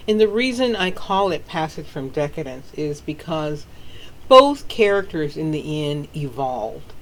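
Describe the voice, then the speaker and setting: A woman author from the American South with a Southern accent, telling stories casually in a sassy, animated way with frequent laughter. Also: sits low, a little hiss or hum, low-quality recording. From Southern United States. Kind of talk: casual storytelling.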